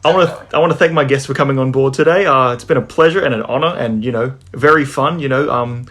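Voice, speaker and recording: A man hosting an interview, thanking his guests in a relaxed, joking way. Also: medium pitch, fast talker. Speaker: interviewer host. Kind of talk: casual interview chat.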